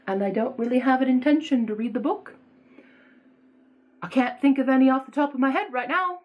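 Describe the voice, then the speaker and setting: A woman book vlogger chatting casually in a put-on snobbish accent, playful and self-mocking, her pitch swooping up and down. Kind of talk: casual chat.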